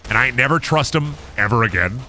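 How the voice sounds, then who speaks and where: A man's voice: mid-range voice, animated, fairly quick, pushed and bright, slight background noise. A young man live-streaming a game, rambling goofily and joking as he plays. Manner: goofy, rambling, sings and jokes. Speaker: gaming streamer. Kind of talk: casual live-stream commentary.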